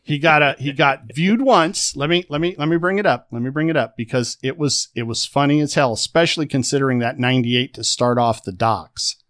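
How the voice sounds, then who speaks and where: A man co-hosting a podcast in relaxed conversation. He rambles and restarts his sentences often, filling gaps with "uh" and "you know", and his voice sits at a middling pitch. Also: fairly quick, few pauses. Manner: rambling, chatty, with many fillers and restarts. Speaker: podcast co-host. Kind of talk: casual chat.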